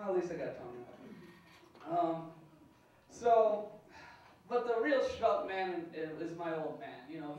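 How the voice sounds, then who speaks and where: A man doing stand-up in a club, loud, goofy and self-deprecating. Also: high voice. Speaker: stand-up comedian. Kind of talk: stand-up routine. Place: comedy club stage. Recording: echoey room from far off with ambient noise.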